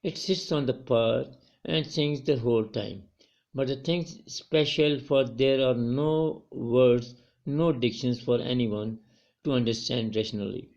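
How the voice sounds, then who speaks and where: Guy teaching a poetry class, stops and repeats words a lot, kinda dull lo-fi sound, mid pitch. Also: gravelly, darkish tone. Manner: halting, repeats and corrects words while explaining. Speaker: college English teacher. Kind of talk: recorded literature lecture.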